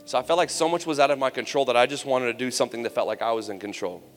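Male speaker, mid-pitched, conversational testimony sermon with humor, echoing hall. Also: very fast. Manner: candid, conversational storytelling with humor. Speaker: youth camp speaker. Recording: long hall reverb, faint music.

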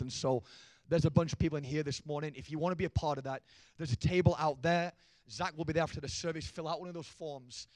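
A young man preaching a sermon to a church congregation. He jokes with the crowd and then builds to shouted emphasis. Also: fairly high pitch, no room sound. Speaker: pastor.

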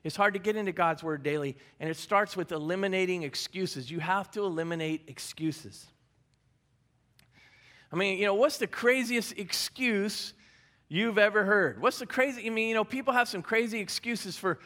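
A man's voice: high-pitched, normal speed, sharp tone. A male pastor giving a sermon in a conversational way, repeating key phrases and adding light humor. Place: church service.

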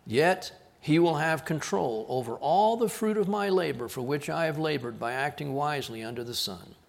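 A man from South Texas, preaching a sermon as a pastor, with an earnest delivery that drops to quiet emphasis on key words. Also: fairly high pitch, expressive, normal speed, gravelly.

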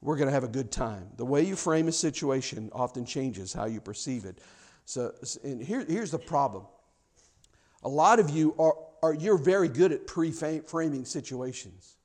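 A male pastor preaching a sermon, telling stories with lively repetition and building to a forceful cadence. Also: a little high, normal speed. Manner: animated storytelling, repeats phrases for emphasis.

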